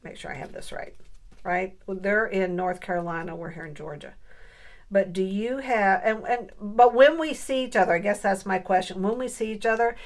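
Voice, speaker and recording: A middle-aged woman talks through her papercraft project in an easy, conversational way, pausing to think aloud as she works. She keeps turning to her viewers with friendly questions, at an ordinary mid-range pitch. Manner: chatty, thinks aloud while working. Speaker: papercraft vlogger. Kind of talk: casual crafting tutorial.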